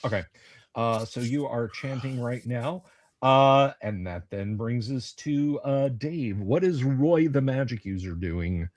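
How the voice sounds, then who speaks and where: A man's voice: mid-range voice, takes it slowly, no room sound, clean studio sound. A man running a tabletop game as game master, narrating with many fillers and joking asides.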